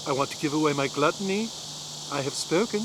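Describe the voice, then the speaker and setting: A man voicing a woman who makes a quiet, formal confession at a prayer circle in a storytelling monologue. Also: a little high, brisk, noisy background, natural voice. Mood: solemn.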